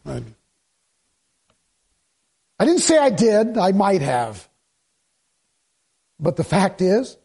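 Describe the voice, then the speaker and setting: A man's voice: a little high, creaky, dark tone, slightly rough. A male pastor preaching a sermon in a conversational way, asking the congregation questions and slipping in jokes.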